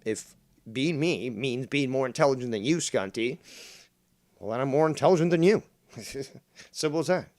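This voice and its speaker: A man's voice: medium pitch, lively intonation, normal speed, long pauses, a little mellow. Combative, profane male streamer ranting. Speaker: streamer reacting to a critic's videos. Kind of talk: ranting commentary.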